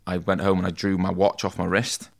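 A man's voice: deep voice, fairly quick, vocal fry. Chatty man telling a story. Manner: chatty, animated retelling with quoted voices. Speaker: tattoo artist guest. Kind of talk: casual storytelling interview.

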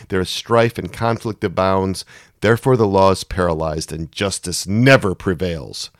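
A man giving a sermon, reading scripture passages aloud with rising anguished intensity between calmer explanations. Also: sits low, normal speed, no room sound, clean studio sound. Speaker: preacher.

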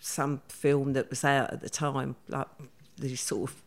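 A woman's voice: very deep voice, little pitch movement, measured pace. An older woman, telling her story as an interview guest in a plain-spoken way and acting out what people said. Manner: plain-spoken, acts out quoted dialogue.

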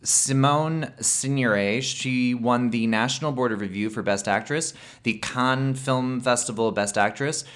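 A man co-hosting a film podcast, chatting casually and laughing often between drawn-out pauses. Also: mid-range voice, a bit bright. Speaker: podcast co-host.

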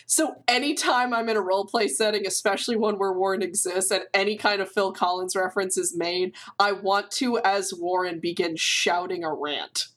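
A woman's voice: medium pitch, moderate pace, hardly any pauses, a bit bright. A woman running a tabletop game as game master, narrating scenes in a playful way and laughing easily.

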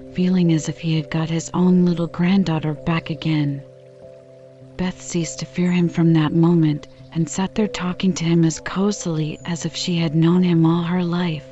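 A woman narrating a classic novel as an audiobook in a measured, gentle storytelling manner. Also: on the low side. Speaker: audiobook reader. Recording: slightly dull lo-fi recording.

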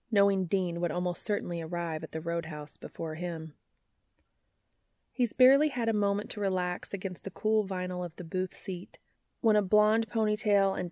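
A woman narrating a story aloud in a wry, even reading voice, close to the mic. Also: fairly low pitch, no echo. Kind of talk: fan fiction audiobook reading.

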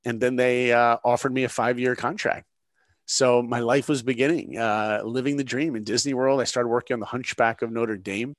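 A man's voice: medium pitch, moderate pace, no room sound, studio quality. A middle-aged man from New York, a guest in an interview, telling a story and acting out the voices in it. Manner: animated storyteller, acts out dialogue.

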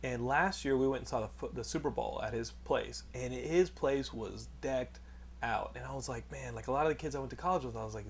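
Gravelly-voiced man rambling casually. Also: mid-range voice, a little fast, a little hiss or hum. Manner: rambling, joking, frequent restarts. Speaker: podcast host. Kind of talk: casual chat. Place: Los Angeles area studio.

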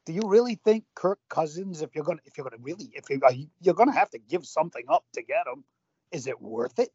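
Guy co-hosting a sports podcast, kinda high voice, keeps firing off "do you really think", dry muffled audio. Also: sing-song, fast talker, a little mellow, slightly rough, no room sound. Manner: emphatic, piles up rhetorical questions. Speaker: podcast co-host. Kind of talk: casual sports chat.

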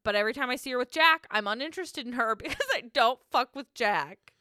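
A woman's voice: a little high, fast talker, sharp tone, a little hiss or hum. A woman co-hosting a podcast, recapping a reality show in a casual, blunt, chatty way and laughing often. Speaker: podcast co-host.

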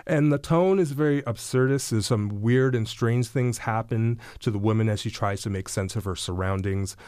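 A man's voice: mid-range voice, moderate pace, a little mellow, clear, resonant tone, no echo, clean studio sound. A man on radio discussing shortlisted novels with enthusiasm, explaining each book with some fillers. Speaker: books columnist.

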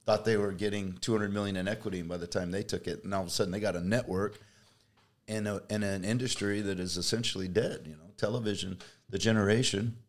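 Middle-aged Midwestern man, deep low register, easygoing podcast guest who muses aloud. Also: quick pace. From Midwest, Kansas. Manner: relaxed storytelling, thinks aloud. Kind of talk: casual chat.

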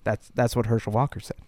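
A man co-hosting a casual comedic chat, cutting in with quick jokes and references. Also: mid-range voice, warm tone, no room sound. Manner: quick joking interjections. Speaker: podcast co-host.

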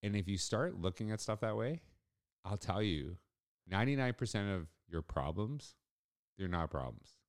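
A man's voice: fairly low pitch, lively intonation, moderate pace. A middle-aged man hosting a solo podcast, telling a personal story in a casual, rambling way with restarts. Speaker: podcast host.

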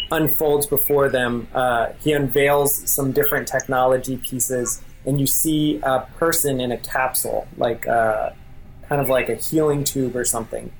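Casual game master narrating a scene. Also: male voice, mid-range voice, slight background noise, rough recording. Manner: casual, rambling, many fillers. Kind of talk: narrating a tabletop role-playing game.

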